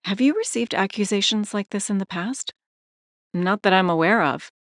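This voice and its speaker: A woman's voice: medium pitch, normal speed, a bit bright, dry recording, lightly acted. A woman reads as a courteous young businessman in an audiobook, polite and worried. Her voice stays close to her own, dry and near the mic. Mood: concerned.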